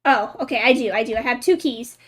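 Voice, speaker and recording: A woman's voice: on the high side, brisk, fairly bright tone, breathy edge. A woman game streamer in casual chat, reading a children's story aloud with giggly, amused asides.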